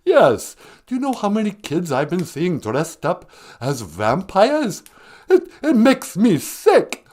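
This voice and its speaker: A man voicing a theatrical old male vampire count with a booming, drawn-out manner and a cackling "ah, ah" laugh. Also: huge pitch swings, a little mellow, exaggerated voice. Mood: indignant.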